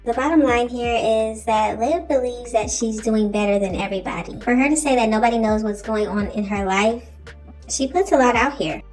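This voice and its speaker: A woman's voice: fairly high pitch, moderate pace, darkish tone, soft background music, low-quality recording. A woman commentator picking apart another creator's claims with pointed rhetorical questions. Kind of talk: commentary on online drama.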